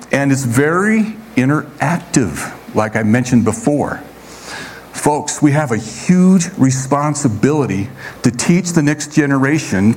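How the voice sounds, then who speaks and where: A man's voice: mid-range voice, a little mellow, a little hiss or hum. Conversational male pastor preaching. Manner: conversational preaching, often checking in with "okay?". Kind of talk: sermon.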